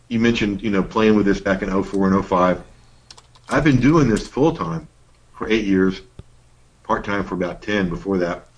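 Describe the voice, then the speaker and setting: A man's voice: on the low side, muffled recording. A middle-aged man co-hosting a workshop, talking in a casual, folksy way with playful emphasis. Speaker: workshop co-host. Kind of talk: casual teaching talk.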